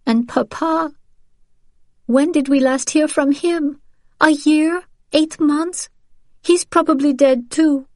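A woman's voice: high voice, steady tone, takes it slowly, dry recording, studio quality, pitched above the performer's own voice. A woman voicing a bitter teenage girl. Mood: tearful. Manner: sharp, accusing and cynical. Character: bitter, grieving girl of almost fourteen.

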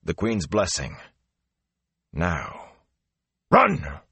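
A man voicing a gruff older male gleeman who mutters and growls hoarsely. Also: very deep voice, lively intonation, a little slow, no echo, pitched below the performer's own voice, full character voice. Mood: urgent.

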